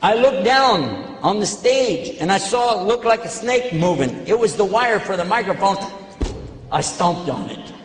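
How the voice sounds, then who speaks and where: An older man speaks to an audience through a handheld microphone, his voice a little high for a man. He tells his stories in an animated way. The sound rings with long reverb in a large hall. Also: a little slow. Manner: storytelling, animated when retelling events. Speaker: preacher answering questions. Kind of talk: public talk to an audience.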